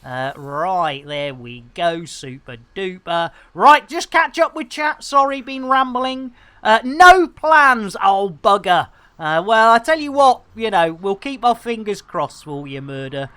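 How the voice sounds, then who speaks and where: A man chatting while streaming a game, rambling and joking with slang, giving lively shout-outs to his viewers. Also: high-pitched, unhurried, hardly any pauses, smooth. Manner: chatty, jokey, rambling, full of British slang. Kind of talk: live-stream game commentary.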